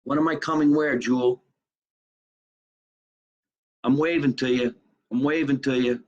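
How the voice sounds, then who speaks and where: In his apartment kitchen, a middle-aged comedian from Jersey City, New Jersey hosts a live stream, reading out viewer comments between brash wisecracks. His mid-range voice is steady and measured, with the high frequencies cut off.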